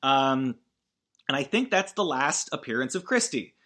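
A man casually recapping a film, rambling and animated, acting out the characters' lines and swearing freely. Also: medium pitch, normal speed. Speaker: podcast host recapping a film.

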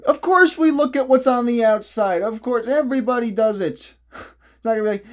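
A man's voice: very high voice, brisk. A young man in a casual, opinionated vlog monologue who rambles, restarts often and laughs at his own jokes. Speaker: vlogger.

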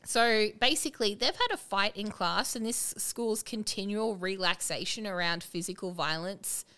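A podcast co-host chats in a lively, casual way while recapping a TV show and quoting its characters. Her medium-pitched voice is sharp, clear and resonant, and she talks at a normal speed.

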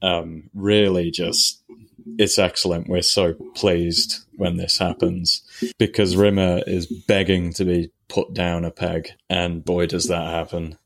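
Low-voiced man recapping a TV episode. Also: little pitch movement, takes it slowly, creaky. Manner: retells scenes, acting out quotes in put-on voices. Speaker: podcast co-host. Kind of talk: casual chat recapping a TV episode.

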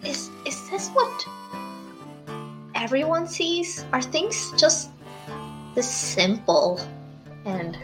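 Slow, lilting female player, dazed and wondering; music underneath. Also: sits high, very animated, poor audio. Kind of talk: in-character tabletop role-play.

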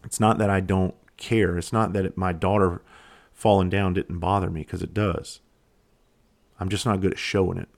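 Deep-voiced blunt man podcasting. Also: flat delivery, gravelly. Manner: blunt, candid, swears freely; reflective, halting. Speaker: podcast host. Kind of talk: casual solo podcast monologue.

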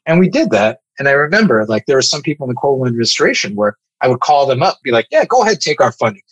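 A man who leads an advocacy group, telling war stories in a casual, animated and profane way. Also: medium pitch, fast, no echo, rough recording. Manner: animated, profane, emphatic storyteller. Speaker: nonprofit advocacy leader. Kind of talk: casual podcast storytelling.

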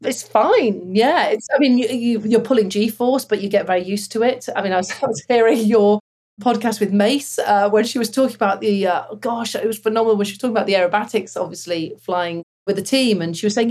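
Breathy woman telling flying stories. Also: medium pitch, fairly quick. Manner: animated, laughs while telling stories. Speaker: former fighter pilot guest. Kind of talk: casual interview storytelling.

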